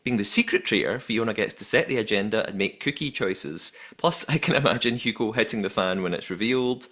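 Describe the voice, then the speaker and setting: A man's voice: on the low side, expressive, brisk, sharp tone. A man hosting a podcast, chatting casually and reading out listener messages. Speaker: podcast host. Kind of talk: casual recap chat.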